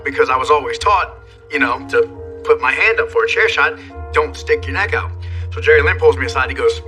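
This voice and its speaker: A man's voice: medium pitch, fairly quick, pushed and bright, far from the mic, soft background music. A man, a former wrestler, candidly recounting events in an interview, with blunt profanity. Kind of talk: interview storytelling.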